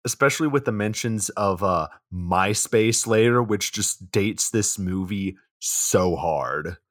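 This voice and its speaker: A man's voice: lowish voice, slow pace, dry recording, studio quality. A young man co-hosting a casual comedy podcast, sardonic and profane, with mock exasperation as he recaps a movie. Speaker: podcast co-host.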